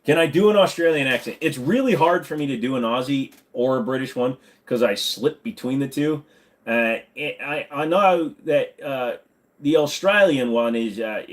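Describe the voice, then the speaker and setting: An American man hosting a casual live-stream Q&A, rambling and swearing freely. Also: mid-range voice. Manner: rambling and profane.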